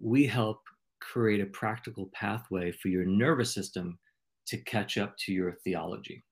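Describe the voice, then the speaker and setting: A middle-aged man with a fairly low voice answers questions in a relaxed interview. His wording is ornate and playful, and his delivery stays measured. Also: slightly rough. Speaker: podcast host, interviewed as guest. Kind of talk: conversational interview.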